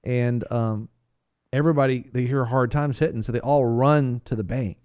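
Mellow man telling rambling stories. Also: mid-range voice, normal speed, clean tone, no echo, muffled recording. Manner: rambling, animated storytelling with restarts. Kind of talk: casual chat.

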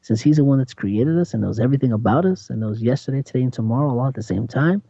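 A man talks through scripture in a lively, preaching style, often acting out what people might say. His tone is mellow and warm. The sound is dry and slightly dull, with a lo-fi feel. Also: mid-range voice, quick pace, vocal fry, husky, dry recording. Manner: animated, laughs often, acts out quotes. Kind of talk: preaching-style faith talk.

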